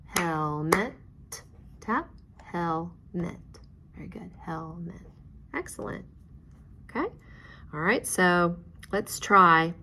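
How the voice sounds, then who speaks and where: A woman's voice: fairly low pitch, bright, forceful tone, a little hiss or hum. A woman teaching a phonics lesson, guiding learners step by step with patient, encouraging praise.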